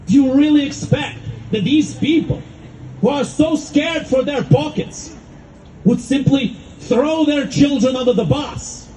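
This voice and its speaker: A man delivering an impassioned public speech with fervent, rhetorical emphasis and dramatic pauses. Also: very high voice, mellow, slight background noise, poor audio. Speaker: speaker at a rally.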